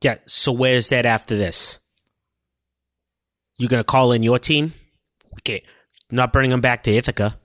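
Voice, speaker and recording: A man's voice: medium pitch, steady tone, normal speed, pauses often, fairly bright tone, no room sound, studio quality. A man playing a tabletop game, blunt and casually profane. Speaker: player.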